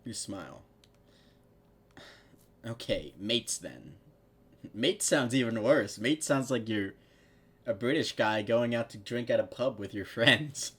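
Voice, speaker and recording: A man's voice: medium pitch, moderate pace, a bit bright, husky. A man reading fan fiction aloud at home, breaking off to laugh, swear and mock the text. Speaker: fanfiction reader. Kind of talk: casual read-aloud with commentary.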